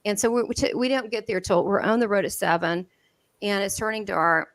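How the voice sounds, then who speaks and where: A woman with a Southern American drawl tells her stories in a lively, animated way, laughing often and acting out the dialogue. Her voice sits at a middling pitch, and the recording is dry and close with almost no room sound. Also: fairly quick, no room sound. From southern United States. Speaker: guest medium. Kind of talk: animated storytelling in an interview.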